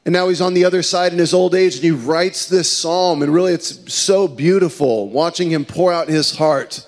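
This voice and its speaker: A male pastor preaches in a fairly high, light voice, easing into his sermon with a conversational, story-driven manner. He mixes in casual fillers as he talks the congregation through the text. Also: moderate pace.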